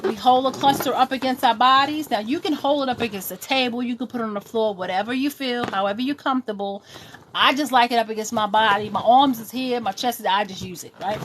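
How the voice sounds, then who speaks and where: A middle-aged woman with a New York accent hosts a live tutorial in a chatty, sassy way, greeting viewers by name as she works. Her voice sits high. A faint hiss runs underneath. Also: quick pace. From Brooklyn, New York. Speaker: balloon decor tutorial host. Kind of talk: casual live-stream tutorial.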